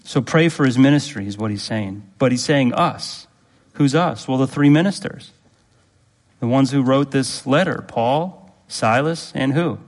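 Male preacher, mid-pitched, earnest and emphatic, repeats lines, asks the congregation direct questions; long hall reverb. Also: measured pace. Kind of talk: sermon.

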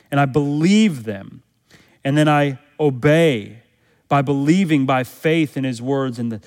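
A man preaching a sermon as a pastor, in an earnest manner that climbs higher and louder when he quotes scripture. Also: big-room sound.

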